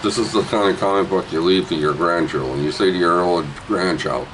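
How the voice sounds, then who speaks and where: A man rambling through a jokey casual sales pitch for a comic book, dropping to low mutters and jumping up to loud hype. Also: brisk, few pauses, slight background noise, rough recording. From Canada. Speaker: vlogger auctioning a comic book.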